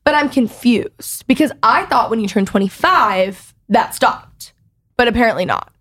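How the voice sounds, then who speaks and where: A woman in her twenties from Texas with a Valley Girl accent, hosting a podcast in loud, chatty casual talk full of "like". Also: fairly high pitch, measured pace. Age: 20s. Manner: chatty, says like a lot, lively. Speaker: podcast host. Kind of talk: casual chat.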